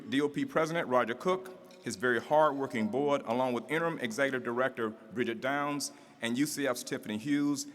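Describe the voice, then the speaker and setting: Reading formal introductions at a civic gathering, this master of ceremonies rises to a rhythmic, rousing oratorical ending. He speaks in a mid-range, fairly bright voice, and the large hall full of listeners adds reverb and faint room ambience.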